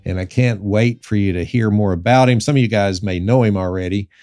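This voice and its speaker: A man with a Southern US accent, a pastor hosting a casual podcast interview, relaxed and folksy with many fillers. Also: on the low side, brisk. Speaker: podcast host.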